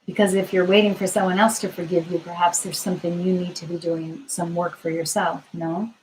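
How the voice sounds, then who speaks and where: A woman tarot reader answering viewer questions on a live stream, gentle and reassuring, thinking aloud with frequent fillers. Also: on the low side, little pitch movement, a little fast, a little hiss or hum, low-quality recording.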